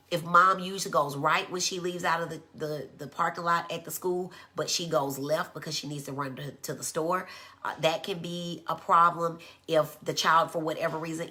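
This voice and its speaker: A woman giving a conversational live-streamed educational talk. She acts out quoted speech in a high voice. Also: sharp tone. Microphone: phone.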